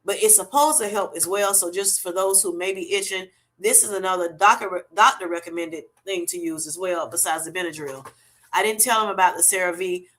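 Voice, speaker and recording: A middle-aged woman hosting a casual livestream, chatting warmly and thanking viewers by name. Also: on the low side, brisk. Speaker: livestream host. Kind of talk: casual livestream chat, reading comments.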